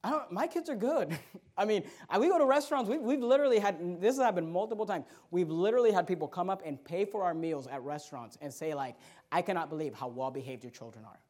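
A man in his thirties delivering a fiery sermon in a notably high voice. He preaches hard, leaping from loud outbursts to hushed asides. He keeps calling out scripture references, repeating them so the congregation can follow. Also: lively intonation, fast. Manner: forceful preaching, swings between loud outbursts and quiet asides. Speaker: pastor.

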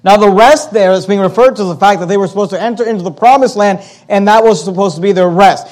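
A man preaching a sermon as the pastor at a church service. He preaches with emphasis, repeats his key questions and slows down to stress words. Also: sits high, darkish tone.

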